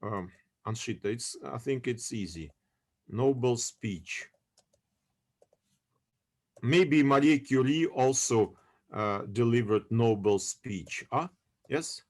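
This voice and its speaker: A man's voice: medium pitch, expressive, darkish tone. A man teaching an online lecture over a video call. He halts often, searches for English words, and checks in with his students. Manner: halting, searching for English words, many fillers. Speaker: university lecturer.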